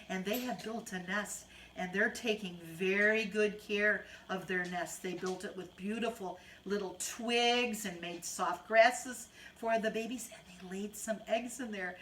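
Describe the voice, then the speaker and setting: A woman gently reading a picture book aloud to small children, in a sing-song way. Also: medium pitch, a little hiss or hum. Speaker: children's storyteller.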